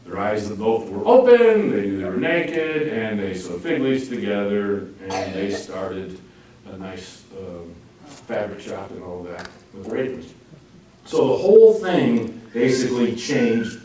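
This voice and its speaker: A man giving an informal Bible class, joking and acting out quotes in lively swings of voice. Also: unhurried. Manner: jokey, animated, acts out quotes with lively pitch swings. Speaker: Bible teacher. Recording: roomy echo, speaker far from mic, faint noise.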